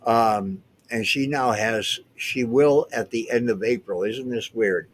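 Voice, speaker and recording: A man's voice: mid-range voice, slow pace, slight background noise. Rambling older man in his seventies. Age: 70s. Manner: rambling storyteller with frequent restarts. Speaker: guest recounting past events. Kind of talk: casual chat.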